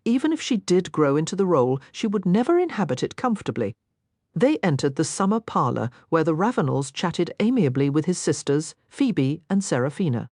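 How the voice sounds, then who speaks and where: A woman narrates a romance audiobook with a low voice and wide, lively pitch movement. The recording is dry and close, without room echo. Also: brisk. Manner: expressive, voices each character.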